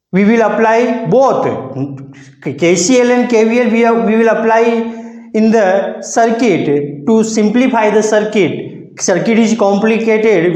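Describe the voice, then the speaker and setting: A man's voice: high voice, darkish tone, roomy sound, low-quality recording. A man teaching physics, constantly posing rhetorical "what?" questions and answering them himself. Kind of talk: classroom lecture.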